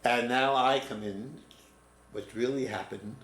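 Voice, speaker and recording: A man in his seventies, a writing teacher, telling a personal story in a reflective, halting way. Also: mid-range voice, a bit bright. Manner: reflective, halting, restarts mid-word. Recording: roomy echo, faint room noise.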